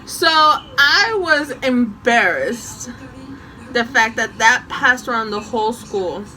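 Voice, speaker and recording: Bright high-voiced young woman telling a story. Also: takes it slowly, faint music behind, rough recording. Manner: animated, laughing and swearing while telling the story. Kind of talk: casual storytime.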